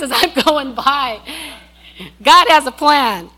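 A woman delivers a sermon in a high, ringing voice. She is emphatic, repeats key lines for weight, and breaks into animated asides. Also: moderate pace, slight background noise. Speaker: preacher.

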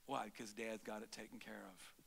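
A middle-aged man preaching a sermon as pastor, animated, swinging between loud exclamations and soft, low asides. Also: moderate pace, gravelly, husky. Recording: long reverb of a large hall.

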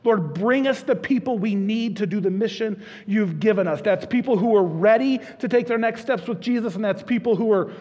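A man's voice: high-pitched, fairly quick, hardly any pauses, darkish tone. A man preaching a sermon as a pastor, telling stories in an earnest, conversational way with frequent restarts. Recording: dull lo-fi recording in a reverberant hall.

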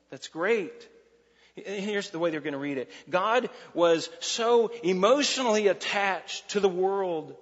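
A man preaches a sermon in a large hall, his fairly high voice carrying a long reverb. He repeats points for emphasis and swings between loud and hushed delivery. The recording sounds dull and muffled. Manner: emphatic preaching with repetitions and shifts in volume. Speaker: pastor.

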